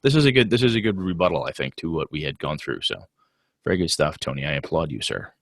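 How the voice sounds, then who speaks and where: A man's voice: a bass voice, big pitch swings, fast talker, creaky, no echo, clean studio sound. A man co-hosting a gaming podcast in casual chat, teasing his partner and laughing often. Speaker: podcast co-host.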